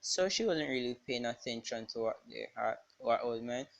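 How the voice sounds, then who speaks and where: A speaker improvising a fan-fiction story aloud, rambling and halting, with many fillers and restarts. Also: medium pitch, lively intonation, creaky, lo-fi sound.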